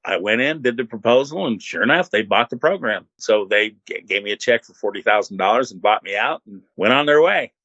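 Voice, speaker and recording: Bright, lively-voiced older radio man. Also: on the low side, fairly quick, hardly any pauses, no room sound, dull audio. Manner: animated, laid-back storyteller who acts out quotes. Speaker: interview guest, former radio host. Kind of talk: casual storytelling.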